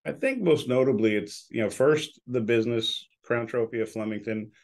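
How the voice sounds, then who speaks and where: A man's voice: mid-range voice, normal speed. A man in his sixties, an announcer and business owner, telling stories in a casual interview and acting out the people he quotes. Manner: outspoken, acts out quoted dialogue.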